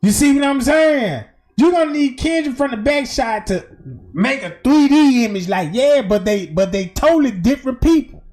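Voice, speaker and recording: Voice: high voice, normal speed. A streamer giving casual, emphatic and profane commentary over video footage. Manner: animated, emphatic, slangy and profane.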